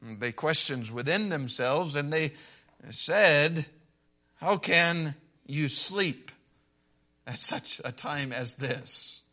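Bright-voiced preacher, slow and dramatic. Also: male voice, a little high. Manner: preaching with dramatic rises and hushed drops; reads scripture in old-fashioned wording. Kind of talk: sermon.

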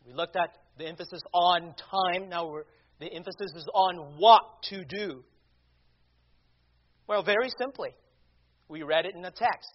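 A man preaching a sermon, deliberate and emphatic, asking rhetorical questions. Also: high-pitched. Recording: dull lo-fi recording.

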